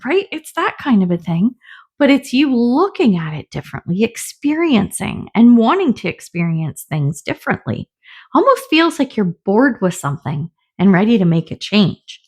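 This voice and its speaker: A woman's voice: fairly high pitch, sing-song, normal speed, slightly rough. A middle-aged woman giving a casual tarot reading, chatty and often laughing, with the odd swear word. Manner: chatty, laughing, swears, acts out little voices. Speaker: tarot reader.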